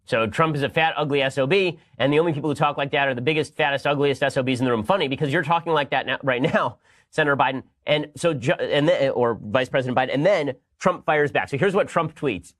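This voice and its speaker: A male host giving sarcastic news commentary, fast and mocking, breaking into bursts of laughter. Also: medium pitch, fairly bright tone.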